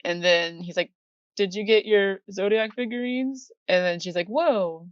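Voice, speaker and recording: A woman's voice: mid-range voice, unhurried, no echo, highs cut off. A woman co-hosting a casual podcast, giggling as she retells scenes and acts out the characters' lines. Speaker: podcast co-host. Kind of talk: casual anime recap chat.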